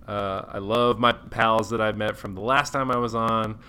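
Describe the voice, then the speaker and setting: A man from Texas, a guest on a podcast, talking in a relaxed, easygoing way full of "like". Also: fairly low pitch, moderate pace, clean tone. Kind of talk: casual podcast chat.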